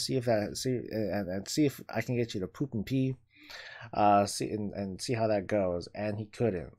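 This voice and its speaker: A man's voice: on the low side, warm tone. A man streaming live and chatting casually, rambling, restarting his words and swearing freely.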